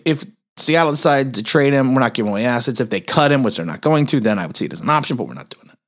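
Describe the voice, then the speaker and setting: Rambling man with lively pitch. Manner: rambling, frequent restarts, self-mocking laughs. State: tired and grumpy. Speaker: sports podcast host. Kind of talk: casual sports commentary monologue.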